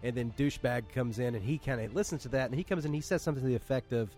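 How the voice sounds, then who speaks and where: A man co-hosting a casual podcast, excitedly rambling about a scene with lots of swearing. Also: mid-range voice, racing, soft background music. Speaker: podcast co-host. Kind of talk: casual chat.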